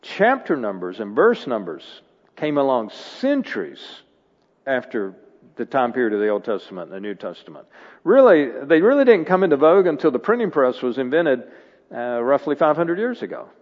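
A man's voice: mid-range voice, very animated, moderate pace. A man preaching in a church sanctuary, earnest and building to emphatic bursts of conviction. His voice carries a long reverberant tail from the hall, and the recording is slightly dull and muffled. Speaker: guest preacher. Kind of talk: sermon.

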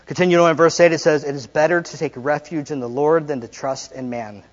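A male pastor preaching a sermon, leading call-and-response and mixing in joking, conversational asides with dramatic pauses. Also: on the high side, steady tone. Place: church sanctuary. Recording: dull lo-fi recording with long hall reverb and mains hum.

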